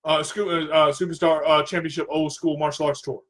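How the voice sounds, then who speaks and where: A man's voice: fairly high pitch, little pitch movement, fairly quick. A man hosting a talk radio show, telling a personal story in an earnest way, repeating himself and straining his voice when he gets worked up.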